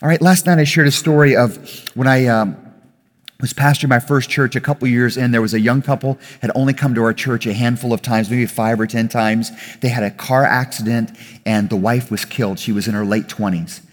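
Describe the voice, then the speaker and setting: Man, pastor, conversational sermon, mid-pitched voice, long hall reverb. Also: steady tone, brisk. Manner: conversational preaching, rising with emphasis, self-corrections. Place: church hall with audience.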